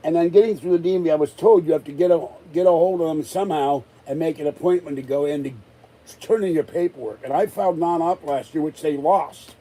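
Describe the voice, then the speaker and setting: A man's voice: on the high side, fast, warm tone, rough recording. A man ranting in a rambling, exasperated way during a casual live-stream chat, still recovering from an illness. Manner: exasperated, rambling rant with many restarts. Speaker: vlogger.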